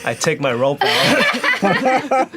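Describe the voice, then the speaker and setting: A man's voice: sits high, huge pitch swings, very slow, over a noisy crowd. Matter-of-fact man at a game table. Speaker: player. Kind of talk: in-character tabletop play.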